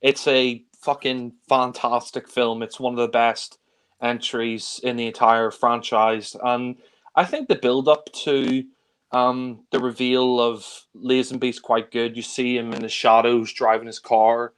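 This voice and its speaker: A man talks in an easygoing, rambling way, full of enthusiasm for the films he discusses. His voice sits in an ordinary middle pitch. He sounds like one co-host in a casual chat among friends. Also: little pitch movement, measured pace, clean tone.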